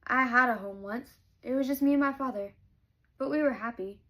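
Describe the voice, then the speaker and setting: A woman's voice: sits high, fairly quick, a bit bright, low-quality recording. A woman reading aloud the lines of a tough, guarded young woman from a novel, in close to her own voice. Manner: read aloud from a novel, lightly acted.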